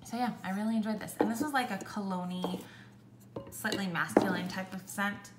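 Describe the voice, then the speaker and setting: A young woman chatting casually through a product review, with lots of "like" and an animated way of telling stories. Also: medium pitch, brisk, heavy background noise. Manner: chatty, heavy use of "like", animated when ranting. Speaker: beauty vlogger. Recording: echoey room.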